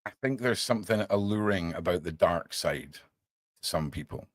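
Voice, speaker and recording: Low-voiced and moderately paced, a man hosts a relaxed live stream, recorded dry. He speaks to his audience with animation, addresses chat as "mate," and throws in casual swearing occasionally.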